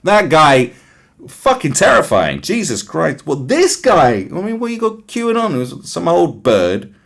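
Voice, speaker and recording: A man's voice: fairly high pitch, wildly swooping pitch, a little slow, vocal fry. A man hosting a talk show, ranting sarcastically and with a lot of swearing, and sometimes mimicking other people. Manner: sarcastic, profane, mimics voices. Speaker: podcast host. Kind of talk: ranting monologue.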